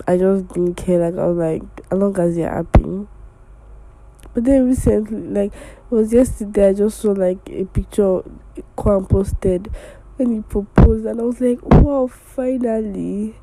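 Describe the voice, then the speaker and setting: A young woman hosts her solo podcast in a loose, rambling way, stacking fillers and restarting sentences. Her voice sits at a middling pitch with a very dark, mellow tone. She speaks casually from under a blanket at home. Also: poor audio. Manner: chatty and rambling, many fillers and restarts, laughs easily. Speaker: podcast host.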